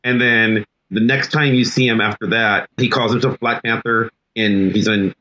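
Bright-voiced man lecturing emphatically. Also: lowish voice, fairly even intonation, moderate pace, low-quality recording. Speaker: podcast co-host; teacher. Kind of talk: casual discussion.

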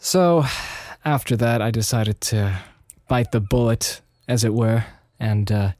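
A podcast host from the United States and Austria tells a meandering personal story in a studio, full of restarts and fillers. His lowish voice has a darkish tone and measured pace, and the recording is dry.

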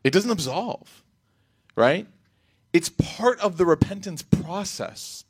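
A man giving an Islamic reminder talk in a lively, rhetorical way, breaking into quick Arabic recitation. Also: high-pitched, slightly rough. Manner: animated, rhetorical, acts out quotes. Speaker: religious speaker.

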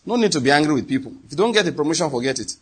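A man with a Nigerian accent preaching a sermon, emphatic and animated, often acting out what people say. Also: a little high, rapid-fire, breathy edge. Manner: animated, emphatic, slips into acted quotes.

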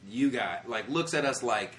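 An American man, a comedian, telling travel stories in a casual interview, animated and profane, acting out the people he quotes. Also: mid-range voice, moderate pace, reverberant, slight background noise. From United States. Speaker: comedian guest. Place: comedy club after a show.

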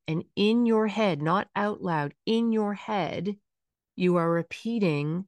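A woman hosting a podcast, explaining calmly and instructively, sometimes acting out soft soothing phrases. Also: lowish voice, measured pace, gravelly, no echo, studio quality. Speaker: podcast host.

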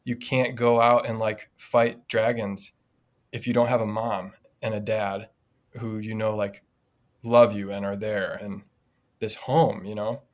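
A man's voice: on the low side, measured pace. A man, a priest co-hosting a podcast, telling a personal story in a casual, reflective way. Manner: storytelling, reflective, animated in anecdotes. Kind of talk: casual conversation.

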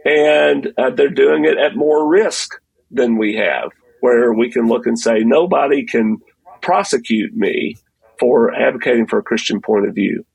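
Man, pastor guest: gravelly, husky voice, measured and explanatory. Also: medium pitch, dry recording, rough recording. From Texas. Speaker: pastor and denomination president, guest. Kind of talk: conversational interview answers.

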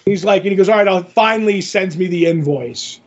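Brief: husky, high-pitched male podcast co-host, animated storyteller, lo-fi audio. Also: fairly quick. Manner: animated, acts out others' lines in the story. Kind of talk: casual storytelling chat.

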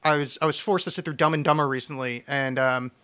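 A man's voice: mid-range voice, steady tone, fast, pushed and bright, clear, resonant tone. A man hosting a casual podcast chat, rambling and swearing, restarting his sentences often. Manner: rambling, profane, restarts a lot. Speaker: podcast host.

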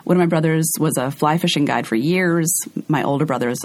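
A middle-aged woman from Montana, a guest author chatting candidly and telling animated stories in a casual conversation. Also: sits low, brisk.

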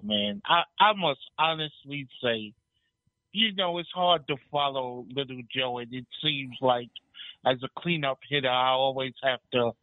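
Slow, lively-pitched man on a phone line. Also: no echo. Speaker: caller. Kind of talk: call-in radio talk.

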